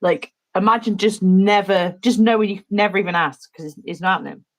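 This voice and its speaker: A woman with a British accent talks loosely while she paints. Her speech is hesitant and full of fillers and restarts. Her pitch sits in the middle of the usual range. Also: fairly quick. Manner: rambling, hesitant, many fillers. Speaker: co-host. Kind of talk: casual chat while painting.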